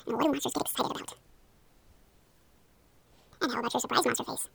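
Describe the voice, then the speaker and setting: A woman's voice: a little high, fast talker, gravelly, a bit bright, husky, no room sound. A young woman leading a playful hypnosis role-play, coaxing and encouraging the listener. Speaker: hypnosis guide.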